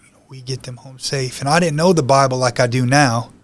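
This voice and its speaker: A man's voice: mid-range voice, fairly quick, slight background noise. A man, a podcast guest, telling his life story in an earnest, conversational way with many "you know" asides. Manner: emotional, heartfelt retelling. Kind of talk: personal testimony storytelling.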